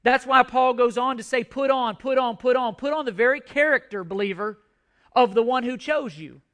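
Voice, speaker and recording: A man's voice: very high voice, normal speed, a bit bright. A man preaching a sermon to a congregation, emphatic, repeating and restarting phrases as he drives his points home. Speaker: pastor.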